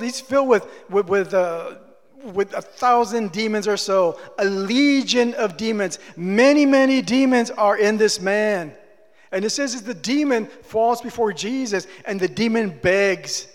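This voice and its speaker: A man's voice: very high-pitched, long reverb tail. A man preaching a sermon, emphatic and driving his point home with repeated rhetorical questions.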